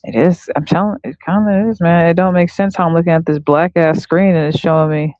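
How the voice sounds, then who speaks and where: A woman hosting a casual podcast chat, excitable and profane, who repeats herself. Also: lowish voice, brisk, no echo, highs cut off. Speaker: host.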